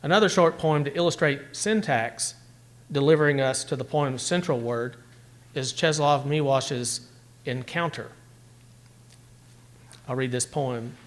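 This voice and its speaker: A man giving a measured, deliberate talk that analyzes poems and reads them aloud at a poetry event. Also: mid-range voice.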